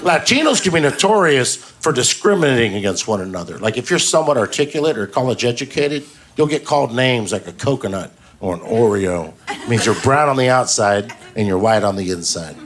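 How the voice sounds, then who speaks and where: A man doing a stand-up comedy set on a club stage, telling stories in a deadpan way and slipping into quick put-on voices for the characters. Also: lowish voice. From Southern California. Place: comedy club stage before a live audience. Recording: live club recording, loud audience noise.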